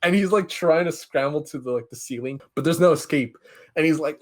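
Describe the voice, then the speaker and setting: An animated young man hosts a casual podcast recap. His voice sits at an everyday middle pitch, and he keeps slipping into quick impressions of the characters as he talks. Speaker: podcast host.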